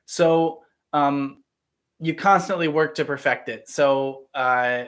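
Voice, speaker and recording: A man hosting a casual livestream Q&A. He explains things like a teacher, checks in with a frequent "right?", and pauses often on "um" and "uh". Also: a little high, fairly bright tone. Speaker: livestream host answering viewer questions.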